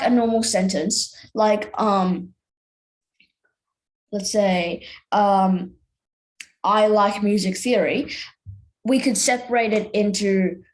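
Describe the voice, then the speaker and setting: A woman's voice: fairly high pitch, poor audio. A young woman teaching a music theory lesson in a casual, hesitant way, with many fillers and restarts.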